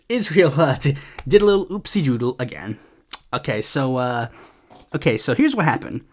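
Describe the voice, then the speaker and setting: A podcast host talks through the news in a loose, rambling, sarcastic way, with plenty of swearing and filler words. The pitch sits in the middle but swings widely, rising and dropping all the time. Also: darkish tone. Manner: acts out other people's lines in quick put-on voices. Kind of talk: casual political commentary.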